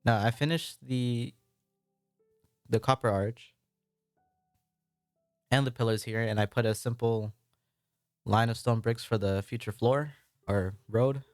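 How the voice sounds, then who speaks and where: A man's voice: medium pitch, measured pace, long pauses, dry recording, studio quality, faint music behind. A man with an American accent, casually narrating his own gameplay with a rambling, apologetic, self-deprecating manner. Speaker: Minecraft building let's-play creator.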